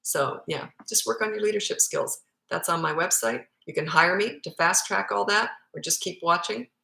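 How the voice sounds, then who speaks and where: A woman's voice: on the low side, moderate pace, gravelly, bright, forceful tone. A woman parenting coach answering viewer questions live, speaking in a blunt, emphatic way. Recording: echoey room.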